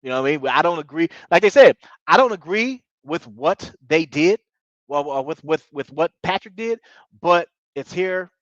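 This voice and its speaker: A man's voice: fairly high pitch, normal speed, no room sound. Worked-up guy ranting about a show, says bro a lot, dull dry lo-fi sound. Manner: excitable, slangy, repeats bro, stumbles. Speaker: reality show reviewer. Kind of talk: casual recap commentary.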